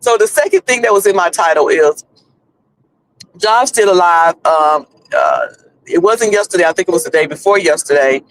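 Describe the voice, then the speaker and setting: This livestream host's voice sits high and a bit bright, with big pitch swings and a normal speed. He has a North Carolina Southern accent and chats casually from his car while driving, rambling through many restarts, all captured in poor audio.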